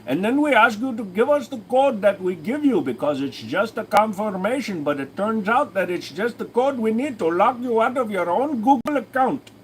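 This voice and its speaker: A man's voice: lively intonation, normal speed, hardly any pauses, slight background noise, rough recording. A man putting on an overly friendly male phone scam caller with a mock accent. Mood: smug. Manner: put-on accent, singsong and high.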